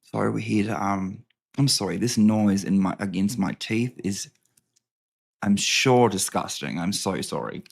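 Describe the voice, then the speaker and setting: A man's voice: lowish voice, a little slow, gravelly, breathy edge. A man hosting a casual home vlog, rambling and joking with plenty of swearing as he reads aloud. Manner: rambling, profane, jokey. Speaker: host. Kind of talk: casual vlog chat and reading.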